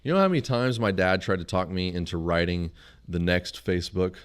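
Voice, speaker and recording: A man chatting on a podcast who tells stories with animated, exasperated rants. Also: low-pitched, a little fast, clear, resonant tone. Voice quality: animated storyteller, ranting in exasperation. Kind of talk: casual chat.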